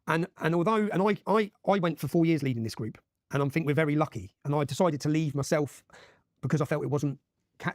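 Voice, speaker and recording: A man in his forties with an English accent. As an interview guest he tells his story urgently and emphatically, often checking in with a quick "yeah?". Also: a little high, no room sound, clean studio sound. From England. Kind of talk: impassioned storytelling in a podcast interview.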